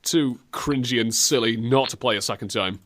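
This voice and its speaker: A man hosting comedic video game commentary, animated, giggly and mocking. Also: mid-range voice, moderate pace. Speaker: host.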